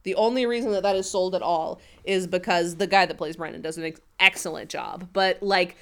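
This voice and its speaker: A woman talking casually on a podcast, retelling scenes from an episode. She keeps slipping into the characters' lines as she tells it, with plenty of fillers and an animated delivery. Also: lowish voice, fairly quick. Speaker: podcast co-host. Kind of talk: casual recap chat.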